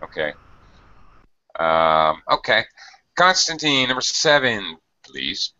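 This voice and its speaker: A patient man teaching English over a call, his low voice bright and forceful. His pitch jumps around a lot as he acts out example lines. The audio is dull and lo-fi. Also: very animated, slow. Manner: patient, explains with acted example sentences. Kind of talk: online group English lesson.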